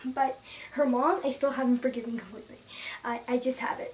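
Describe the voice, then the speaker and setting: Young woman, casual book vlog, rambling and emotional, slightly high voice, distant mic. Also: fairly even intonation, a little fast. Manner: rambling and emotional, many restarts, drops to soft whispers at times. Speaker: book vlogger. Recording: distant from the mic, faint room noise.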